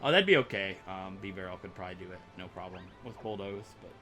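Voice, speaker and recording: A man's voice: deep voice, lively intonation, quick pace, music in the background. A young man rambling through let's play commentary, chatty and self-mocking as he plays. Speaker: gaming YouTuber.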